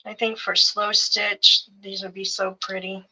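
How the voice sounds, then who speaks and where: Female co-host of a live craft sale: unhurried, bright tone, fondly itemizing each bundle. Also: mid-range voice, level tone, poor audio. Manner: gentle, fond, lists items piece by piece. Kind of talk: live sales show, describing fabric bundles.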